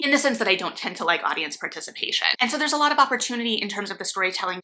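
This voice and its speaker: A woman's voice: medium pitch, pushed and bright. A young adult woman talking casually about a favourite novel and its stage adaptation in a chatty, nerdy, enthusiastic way. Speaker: book vlogger. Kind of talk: casual spoken review.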